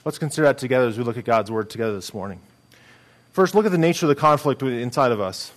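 A man's voice: medium pitch, lively intonation, fast talker. Man, pastor, sermon, earnest, conversational, mid-range voice. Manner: earnest, conversational preaching with restarts.

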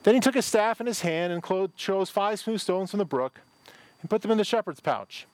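A man's voice: sits high, animated, moderate pace, no room sound. A middle-aged male pastor preaching a conversational sermon, reading scripture and adding informal asides with frequent repeated words. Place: church service with a parking-lot and online audience.

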